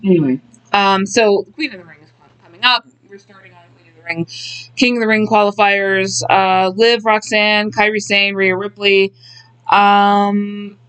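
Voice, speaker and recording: A woman's voice: mid-range voice, flat delivery, a little slow, a bit bright, clean tone. Offhand woman recapping wrestling. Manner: offhand, blunt, lots of fillers. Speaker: podcast co-host. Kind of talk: casual chat recapping wrestling.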